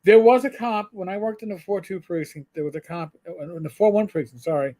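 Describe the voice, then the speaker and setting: A man's voice: sits high, fairly quick, warm tone. A middle-aged man co-hosting a live show, chatting casually in a rambling way, full of stammered restarts. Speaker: co-host.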